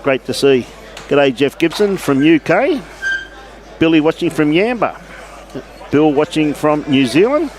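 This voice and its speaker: A man's voice: on the high side, animated, a little slow, pauses often, a crowd in the background. A man with an Australian accent giving casual live commentary on lawn bowls outdoors at a club, chatting and greeting viewers by name.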